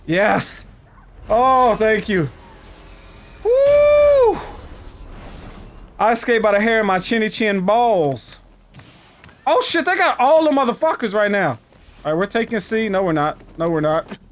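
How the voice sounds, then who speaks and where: A man streaming a game with loud, profane trash talk and sudden shouts. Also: high voice, very animated, measured pace, pauses often. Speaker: gaming streamer. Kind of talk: live gameplay commentary.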